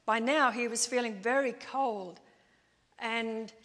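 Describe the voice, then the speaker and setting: A woman preaching a sermon in a church, in a measured storytelling way. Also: on the high side, fairly even intonation, fairly bright tone. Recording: long church-hall reverb.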